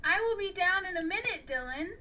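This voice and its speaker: A woman's voice: very high voice, animated, a little fast, pushed and bright, recorded from a distance, a little hiss or hum, voice pushed up, full character voice. A woman reading the part of a friendly boy hero in a storybook, with simple, matter-of-fact lines. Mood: casual.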